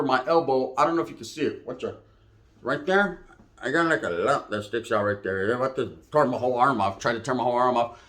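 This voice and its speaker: A man's voice: medium pitch, a bit bright. A man from Merced, California, telling a story in casual slang-heavy, profane street talk.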